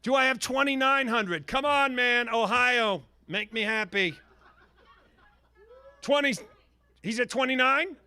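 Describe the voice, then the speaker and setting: A man with a high, ringing voice runs a charity auction, firing off bid calls in energetic patter. He jokes and needles the bidders by name. The sound is dry and close, with no room around it. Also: measured pace, long pauses, smooth, dry recording.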